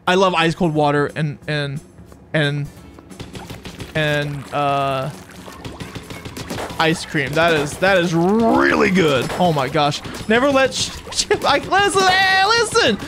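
A streamer chatting casually during a live gaming session, excitable and rambling, often stammering and repeating words. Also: mid-range voice, slow pace, pauses often, over music.

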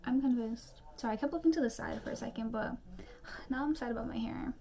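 A young woman vlogging a makeup tutorial, rambling through chatty rants and quick asides. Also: on the high side, creaky, mellow. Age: young adult. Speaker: beauty vlogger.

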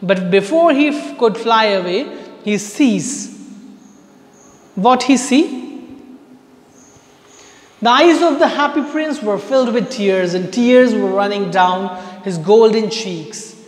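A man's voice: high voice, lively intonation, slow, long pauses. A man with an Indian English accent, teaching an online class: he reads a story passage aloud, then retells it in simple words. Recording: echoey room with long reverb.

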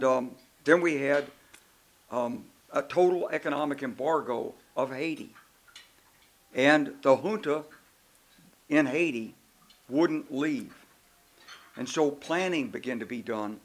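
An older man, a retired general, telling anecdotes in an animated, emphatic way during a moderated conference interview. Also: medium pitch. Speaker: retired general, keynote speaker. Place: conference stage.

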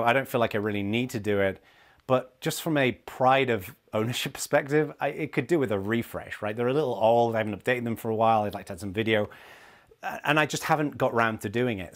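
A middle-aged man, a leadership consultant, giving a casual talking-to-camera lesson in an animated way and acting out the people he quotes. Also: mid-range voice.

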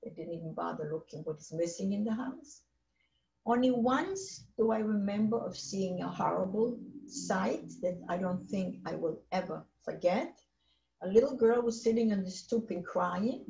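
A woman's voice: medium pitch, lively intonation, gravelly, dark tone. Elderly woman giving testimony. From Poland. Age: 80s. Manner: halting, emphatic retelling with repeated phrases. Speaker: Holocaust survivor speaker. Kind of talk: personal testimony. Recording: roomy, slightly dull recording.

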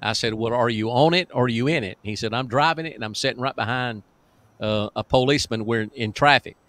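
A man's voice: medium pitch, fast talker, fairly bright tone, no echo. A male pastor telling deliverance stories in a folksy, emphatic preaching manner, chuckling now and then.

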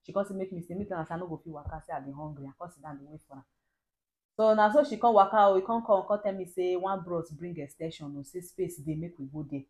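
A Nigerian woman telling, in a lively and animated way, the story of how she met her husband, chatting at home. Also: lowish voice, fast talker, poor audio. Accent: Nigerian Pidgin. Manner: lively, animated storyteller who laughs often. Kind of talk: casual storytelling.

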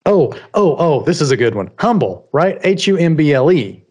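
A man co-hosting a podcast in casual chat, animated and quick to laugh as he tells stories. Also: on the high side, breathy edge. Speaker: podcast co-host.

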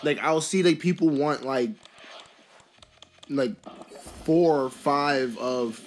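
A vlogger commentating a card pack opening in a casual, excitable way, with frequent exclamations and rambling asides full of fillers. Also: medium pitch, slow, a little hiss or hum. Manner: rambling, filler-heavy musing.

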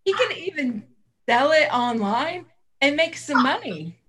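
Animated woman co-host, bright and bouncy, casual livestream banter. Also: high voice, measured pace, low-quality recording. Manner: animated, giggly, enthusiastic. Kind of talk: casual chat.

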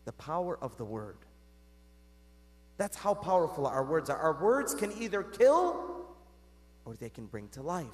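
A man delivers a homily from the pulpit in a high voice that swoops up and down with animated energy. He keeps it conversational, asking the congregation questions and calling them "guys." A long church reverb trails behind every phrase. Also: measured pace, pauses often. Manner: conversational, talks straight to the congregation with rhetorical questions. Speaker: Catholic priest. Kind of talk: sermon.

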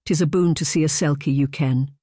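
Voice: medium pitch, fairly even intonation, a little fast, dry recording, studio quality, close to an everyday voice. An audiobook narrator voicing a shy young Scottish maid girl with a broad Scottish brogue. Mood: earnest. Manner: broad brogue, soft and plain.

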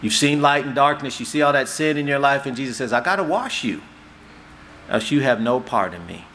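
A man preaching a sermon as pastor, conversational and animated, acting out little dialogues for the congregation. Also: medium pitch, a little fast, a little hiss or hum. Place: church hall.

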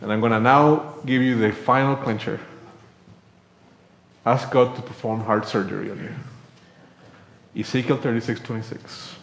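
A man of middle pitch preaches in a church sanctuary, speaking conversationally as he tells a personal story and briefly acts out what others said. The room gives his voice a noticeable echo. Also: steady tone, unhurried, creaky, long pauses. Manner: conversational, acts out quoted dialogue.

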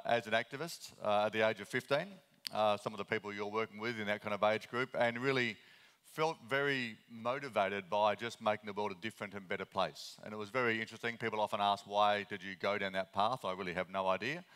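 Aussie guy in his 50s doing a conference talk, low smooth voice, talks fast w lots of ums. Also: fairly bright tone, long reverb tail. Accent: Australian. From Australia. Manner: fast-talking, earnest, many ums and restarts. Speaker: conference keynote speaker.

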